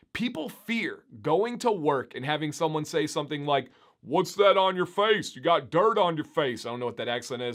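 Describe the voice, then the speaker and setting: A man chatting upbeat and animated to his viewers in a casual vlog. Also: a little high. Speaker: beard YouTuber. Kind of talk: casual vlog talk to camera.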